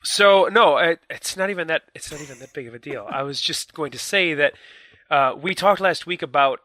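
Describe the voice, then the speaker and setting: A man's voice: on the high side, moderate pace, sharp tone, no room sound. A young man co-hosting a casual gaming podcast, explaining his points earnestly with hedges and repeated phrases. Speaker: podcast co-host. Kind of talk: casual chat.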